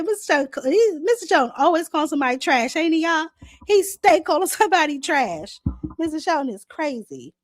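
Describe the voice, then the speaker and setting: A woman's voice: high voice, very animated, fairly quick, no room sound. A woman hosting a live boxing talk stream, blunt and sassy, with a sore throat and a voice that is going. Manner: blunt, sassy, talks back to chat. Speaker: boxing show host.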